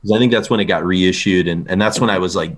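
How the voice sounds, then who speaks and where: A man with a very low, deep voice hosts a relaxed music podcast. He rambles along casually, circling back on himself and trailing off into fillers as he talks. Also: fast talker. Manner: rambling, lots of fillers and restarts. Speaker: podcast host.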